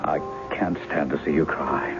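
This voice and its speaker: A man's voice: rumbling low, steady tone, measured pace. An actor in his forties playing a charming, self-mocking novelist posing as someone else in an old radio drama, teasing and wry, with a dull lo-fi broadcast sound and music behind. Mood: confessional. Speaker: impostor posing as a woman's husband. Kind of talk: 1970s radio drama acting.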